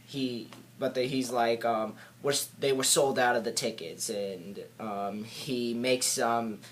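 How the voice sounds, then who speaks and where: A man giving a casual spoken film review, hesitant and halting, with many filler words and restarts. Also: mid-range voice, fairly even intonation, slight background noise.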